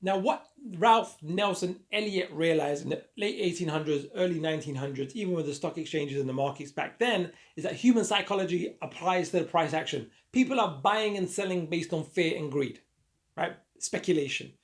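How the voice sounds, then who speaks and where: A man teaching a chart lesson with a croaky voice, upbeat and repetitive as he talks through his drawing on the screen. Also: fairly high pitch, normal speed. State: croaky voice, frog in throat. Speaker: trading educator.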